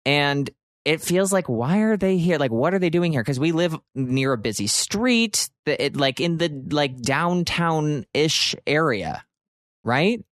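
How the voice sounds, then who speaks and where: A man from Pennsylvania, likely in his thirties, hosting a podcast and telling a story in an animated way, with sudden jumps into exaggerated quotes. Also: a little high, unhurried, dry recording, clean studio sound. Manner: expressive, swearing, jumps into shouted quotes. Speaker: podcast host.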